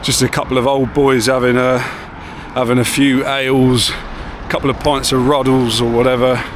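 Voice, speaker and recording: A man's voice: medium pitch, level tone, normal speed. A man casually vlogging as he walks around town, rambling and laid-back with the odd swear word. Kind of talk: casual walking vlog. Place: outdoors on town streets and in a car. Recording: street noise behind.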